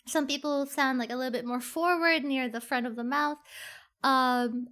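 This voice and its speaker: Brief: high bright female streamer, animated and rambling, faint game music under. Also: moderate pace. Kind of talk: excited gaming stream commentary.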